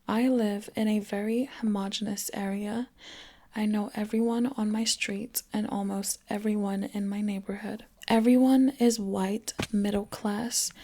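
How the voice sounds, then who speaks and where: A woman hosting her channel, reading online stories aloud in a chatty way, breaking into laughs and sometimes dropping to a near whisper. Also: mid-range voice. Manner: chatty, laughs between lines, drops into soft whispered passages. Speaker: channel host.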